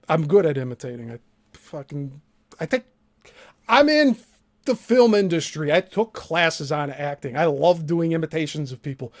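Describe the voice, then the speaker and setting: A man's voice: a little high, animated, normal speed. A man hosting a reaction commentary, talking in a sarcastic, blunt way and swearing freely. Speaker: host.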